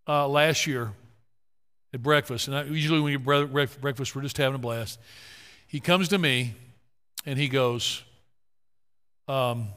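A male pastor preaching with a bright, forceful voice, pitched a little high. He sinks into hushed storytelling, then lifts into loud rallying calls. The sound rings with a long reverb from a big church hall. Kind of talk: sermon.

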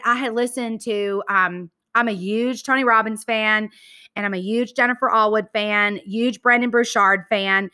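A woman in her thirties shares her story on a podcast with a bright, forceful voice sitting a bit high. She talks earnestly and candidly, peppering her speech with "like" and "y'all". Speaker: podcast host. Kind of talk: personal story talk.

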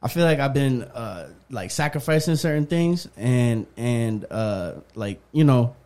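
A man hosting a podcast, speaking in a relaxed, rambling way with many fillers. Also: medium pitch, measured pace. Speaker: podcast host. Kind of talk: casual chat.

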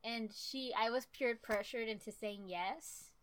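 A young woman casually telling a story from her childhood, animated and profane, laughing often. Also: fairly high pitch, a little slow.

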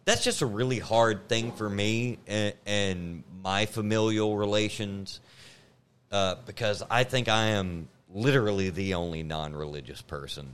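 A male podcast guest with a fairly low voice. He talks haltingly in casual chat, often stopping and restarting his sentences. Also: a bit bright, clean tone.

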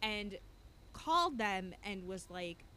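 A woman co-host talking in loose, casual chat. She is blunt and opinionated, firing off quick emphatic bursts. Her voice sits mid-range, with faint steady noise underneath. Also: medium pitch. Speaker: podcast co-host. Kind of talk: casual chat recapping a reality show.

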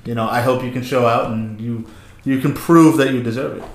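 A man's voice: mid-range voice, steady tone, fairly quick. A man co-hosting a podcast, chatting about sports in an easygoing way. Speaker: podcast co-host. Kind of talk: casual chat. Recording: echoey room.

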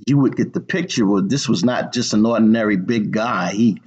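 A man preaching a sermon, speaking slowly and deliberately, repeating words for emphasis with frequent "uh" pauses. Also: on the low side, a little mellow, husky. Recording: dull lo-fi sound.

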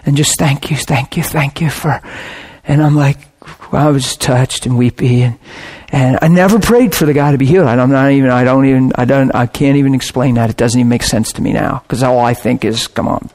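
A man preaching, telling a personal story with lively swings between hushed and shouting moments. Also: medium pitch, a little fast. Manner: animated, bursts into shouting and laughter. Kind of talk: sermon storytelling.

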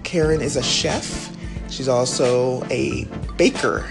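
A woman's voice: very deep voice, slow, gravelly, over music. A woman hosting an interview, upbeat and chatty, laughing often. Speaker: podcast host. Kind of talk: casual interview with a friendly intro.

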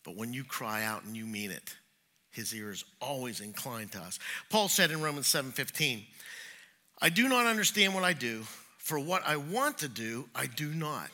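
Bright-voiced man preaching a sermon. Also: medium pitch, normal speed. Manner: animated storytelling, acts out quoted voices, swings between loud and hushed. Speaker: pastor. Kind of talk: sermon with personal stories.

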